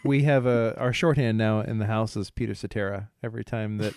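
A man's voice: fairly low pitch, a little fast, a little mellow, dry recording, clean studio sound. A man co-hosting a podcast, chatting casually and joking, laughing easily and mimicking sounds. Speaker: podcast co-host. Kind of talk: casual chat.

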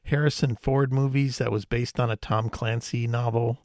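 A man co-hosting a podcast, chatting casually and telling an animated story, acting out quoted lines. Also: mid-range voice, normal speed, no room sound, clean studio sound. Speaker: podcast co-host. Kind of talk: casual chat.

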